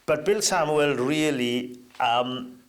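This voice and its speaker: An older Welshman, a guest on an interview, reminisces slowly and anecdotally in a relaxed way. He hesitates with fillers, and his pitch lifts suddenly.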